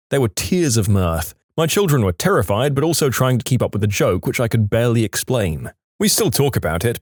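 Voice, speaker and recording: Lively low-voiced male story narrator. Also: no room sound, studio quality. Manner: lively, animated storytelling delivery. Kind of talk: scripted narration of reader stories.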